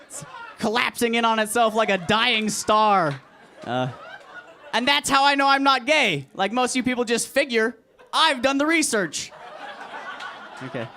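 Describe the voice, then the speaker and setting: Man, young adult, stand-up comic, deadpan and crude, self-deprecating, high voice, comedy club open mic. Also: a little slow, pauses often, a little hiss or hum. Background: audience laughter.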